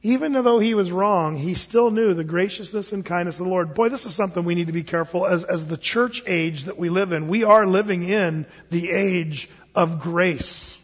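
A man's voice: high voice, normal speed, hardly any pauses, breathy edge. A middle-aged man preaching a sermon as pastor, conversational with joking asides. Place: church sanctuary. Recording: dull sound with long hall reverb.

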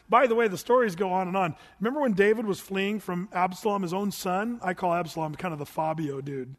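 A male pastor preaching a sermon, telling the story in an animated way that swings between loud and hushed, with humorous asides. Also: sits high, long reverb tail.

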